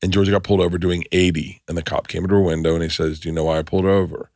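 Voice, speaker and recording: Man, 50s, podcast host; low voice, dry close studio sound, profane and excitable. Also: racing, dry recording. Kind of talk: casual chat with ad read.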